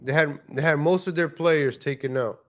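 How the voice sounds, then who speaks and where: A man's voice: a little high, moderate pace, fairly bright tone. A man hosting a casual livestream, chatting and joking in rambling asides. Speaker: livestream host. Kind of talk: casual live-stream commentary.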